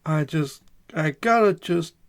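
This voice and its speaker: A man voicing a fast-talking barber with a vague put-on accent, stumbling as he reads the lines. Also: on the high side, expressive. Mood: pushy. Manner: halting, stumbling over lines.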